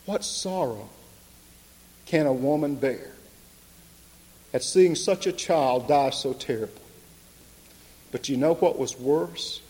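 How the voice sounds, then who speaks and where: A man preaching an impassioned sermon, building to loud emphatic peaks. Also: medium pitch, takes it slowly, pauses often, breathy edge. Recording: long reverb of a large hall.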